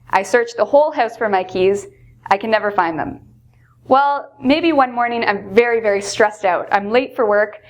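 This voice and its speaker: A woman teaching English, explaining expressions patiently and acting out example lines with lively emphasis. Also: medium pitch. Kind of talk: explaining English phrases in a lesson.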